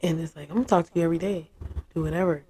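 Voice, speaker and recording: Frank, animated woman. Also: lowish voice, racing, husky. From United States. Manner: animated, acts out quotes, frank and profane. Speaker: interviewee. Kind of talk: casual storytelling interview.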